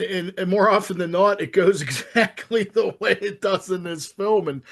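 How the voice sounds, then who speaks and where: A man co-hosting a casual film-discussion podcast, rambling and excitable, swearing often and restarting his sentences. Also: high-pitched. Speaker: podcast co-host.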